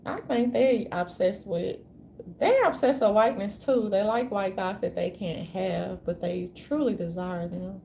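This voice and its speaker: A woman's voice: medium pitch, measured pace, gravelly, warm tone, slight background noise. A woman vlogger ranting in a meandering, profane, slangy way. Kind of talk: rambling casual rant.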